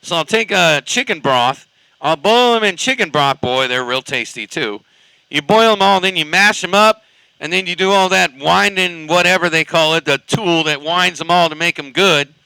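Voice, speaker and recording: A man's voice: fairly high pitch, normal speed, creaky, pushed and bright, smooth, no room sound, poor audio. A man from California chatting casually on a CB radio, rambling and cussing in a laid-back way. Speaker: CB radio operator.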